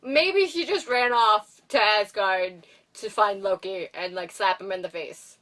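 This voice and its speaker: Rambling young woman, bright, far from the mic. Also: mid-range voice, measured pace. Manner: rambling, giggly, acts out characters' lines. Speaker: podcast co-host. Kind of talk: casual movie recap chat.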